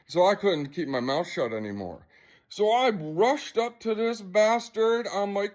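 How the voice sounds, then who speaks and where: Worked up guy vlogging a story, swears a lot, kinda high voice, rambles. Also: lively intonation, moderate pace, a little mellow. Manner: agitated, profane, rambling retelling. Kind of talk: casual storytelling to camera.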